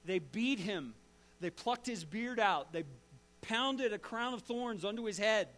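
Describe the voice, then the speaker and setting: A man preaching a sermon as a dramatic story, swinging from loud to hushed and asking the listeners direct questions. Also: sits high, animated, a little slow. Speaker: pastor.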